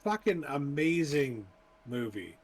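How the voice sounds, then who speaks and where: A man co-hosting a casual movie chat show, talking enthusiastically, swearing freely and pausing often on fillers. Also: on the high side, sing-song. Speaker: podcast co-host.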